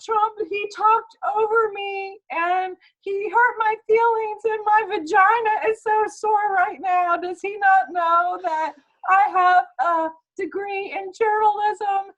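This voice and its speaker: A squeaky crybaby reporter lady, whiny and teary, laying the sobs on thick. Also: steady tone, slow pace, a bit bright, muffled recording, exaggerated voice. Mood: whiny sobbing. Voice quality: high, tearful whine. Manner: mocking, exaggerated sobbing. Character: whiny, weepy woman journalist, mocked.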